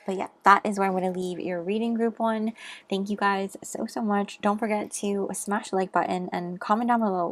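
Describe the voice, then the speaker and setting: A woman giving a pick-a-card tarot reading, gentle and musing, with frequent ums and soft asides. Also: on the low side, creaky.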